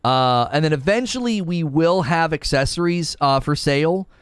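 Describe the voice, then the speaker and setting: A man's voice: on the high side, animated, moderate pace, smooth, no room sound, clean studio sound. A man live-streaming, chatting casually and reading viewer comments as he rambles with frequent restarts. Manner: rambling, reads chat aloud, many restarts.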